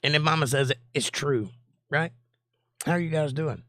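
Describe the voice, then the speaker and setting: A Southern US man in his forties hosts a livestream, chatting with viewers in a folksy way. His pitch sits fairly high and his tone is a bit bright, at a normal speed. The studio-quality recording has no echo.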